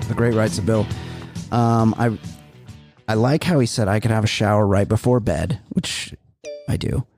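A man's voice: fairly low pitch, moderate pace, a little mellow, faint music behind. A man co-hosting a comedy podcast, swearing a lot and rambling through stories. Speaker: podcast co-host. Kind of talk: casual comedy podcast banter.

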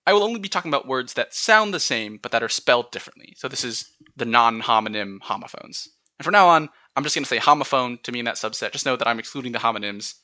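A man's voice: medium pitch, bright, forceful tone, no room sound. A man with a General American accent hosting a solo podcast, chatting through word lists and spelling words out letter by letter. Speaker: podcast host.

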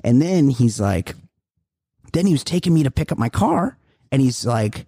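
A man's voice: mid-range voice, expressive, a little fast, dark tone, slightly rough, dry recording, clean studio sound. A man hosting a comedy podcast, telling long rambling stories with plenty of swearing. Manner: profane, rambling storyteller. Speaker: podcast host. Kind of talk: casual comedy chat.

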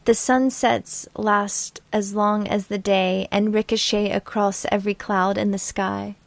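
A woman's voice: mid-range voice, level tone, a little slow, vocal fry, no room sound. A woman reading her own sailing memoir aloud in a dreamy, poetic manner. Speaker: narrator.

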